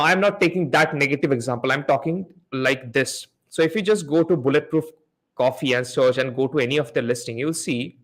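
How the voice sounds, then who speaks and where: A man hosting a live online Q&A on selling ads, explaining step by step while sharing his screen and asking the audience questions. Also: on the high side. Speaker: host of a live Amazon PPC Q&A session. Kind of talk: live webinar teaching with screen share.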